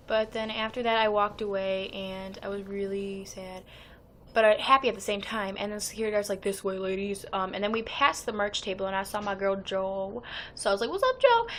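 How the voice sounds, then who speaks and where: A teenage girl chatters through a long fan story in a casual vlog, slipping into everyone's lines with a steady stream of "like". Her voice sits at an ordinary middle pitch. A faint hiss of background noise runs under her talk. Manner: chatty and excitable, quoting others with "like". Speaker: fan vlogger.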